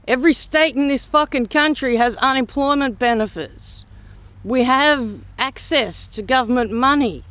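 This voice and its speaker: A woman's voice: high-pitched, measured pace, fairly bright tone, no room sound. An Australian woman venting in a blunt, sarcastic rant for her vlog, swearing heavily and mocking the views she disagrees with. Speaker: vlogger. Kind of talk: ranting monologue vlog.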